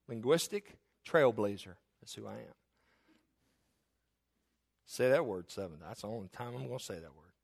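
Middle-aged guy preaching, lively, puts on little voices for folks he quotes, cracks jokes at himself. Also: mid-range voice, fairly quick, creaky. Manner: animated, acts out voices of people he quotes. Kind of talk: sermon.

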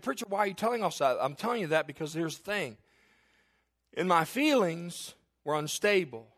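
A man's voice: sits high, fairly bright tone. A man, preaching a sermon in an emphatic, folksy way with asides to the congregation. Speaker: pastor.

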